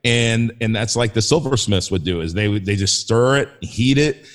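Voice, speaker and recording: A man's voice: lowish voice, moderate pace. A man talking as a guest in a casual faith conversation, enthusiastic and rambling with frequent restarts. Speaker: podcast guest.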